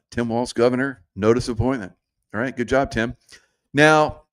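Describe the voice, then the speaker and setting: A man's voice: on the low side, clean tone. A man hosting his own show with casual, rambling commentary, laughing often and drifting off point. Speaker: show host.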